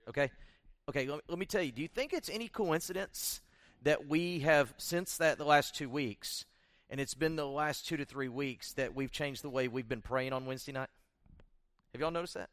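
A middle-aged pastor addresses his church in an earnest, conversational manner and sometimes restarts his sentences. His voice sits at an ordinary male pitch. It is recorded dry and close, with no room echo. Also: a bit bright. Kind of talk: church prayer meeting address.

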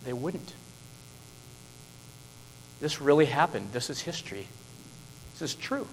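Emphatic preacher in a reverberant hall. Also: male voice, medium pitch, expressive, measured pace, slight background noise. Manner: emphatic, rhetorical questions, swings from hushed to loud. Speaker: pastor. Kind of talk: sermon.

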